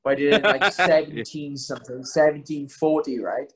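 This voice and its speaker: Young man, casual guest, quick and slightly high, rambling self-deprecating storyteller. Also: husky. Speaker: guest, fighter. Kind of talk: casual podcast chat.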